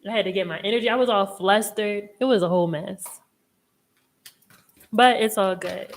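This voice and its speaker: A woman's voice: mid-range voice, normal speed. A woman hosting a live tarot chat, talking casually in a rambling way, laughing often and swearing freely. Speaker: host and tarot reader.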